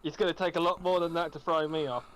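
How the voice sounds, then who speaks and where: A man's voice: on the high side, fairly even intonation, fast talker, fairly bright tone. A man joining a livestream by call, speaking bluntly and matter-of-factly. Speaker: call guest. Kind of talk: casual livestream chat.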